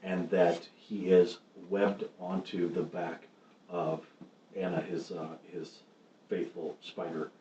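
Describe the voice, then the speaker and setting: Male game master, low and unhurried, hesitant narration, roomy lo-fi stream sound. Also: level tone, mellow. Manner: halting, many ums and restarts. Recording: roomy, muffled stream audio with faint noise.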